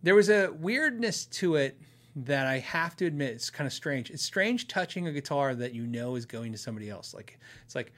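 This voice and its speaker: Medium-pitched, animated, and fairly bright, his voice moves at normal speed. He's a middle-aged guitar channel and podcast host from Arizona who chats casually through viewer questions, rambling, laughing, and often restarting sentences.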